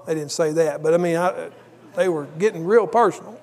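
High-voiced preacher. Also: male voice, fairly quick, gravelly, a little mellow. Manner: conversational storytelling with asides. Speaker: pastor. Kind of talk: sermon.

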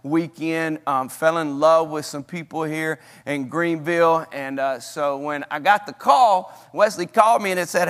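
A man's voice: fairly high pitch, unhurried, hardly any pauses. A man with a Southern accent, a guest student pastor preaching in a church with folksy, rambling storytelling. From Mississippi hills. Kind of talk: prayer and sermon. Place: church sanctuary. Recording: long church hall reverb, soft guitar.

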